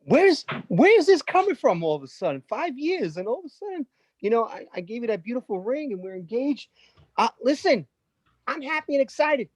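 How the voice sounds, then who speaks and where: A man's voice: extremely high pitch, sing-song, fairly quick, dry recording, exaggerated voice. A man improvising an anxious, newly engaged boyfriend, placating and stammering over restarts on a video call. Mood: pleading. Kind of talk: improv scene.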